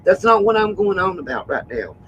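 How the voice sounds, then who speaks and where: A woman hosting a livestream, hoarse and frustrated, who keeps repeating her points with emphasis. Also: mid-range voice, sing-song, fairly quick, a bit bright, lo-fi sound, slight background noise. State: hoarse from hollering. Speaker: livestream host. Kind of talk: casual livestream talk.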